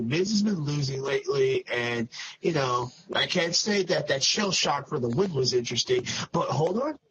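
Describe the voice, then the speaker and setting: A man's voice: a little high, fairly bright tone, slight background noise. Emphatic man on dull lo-fi audio. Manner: emphatic, drawn-out opinions. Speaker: wrestling show reviewer. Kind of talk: casual podcast commentary.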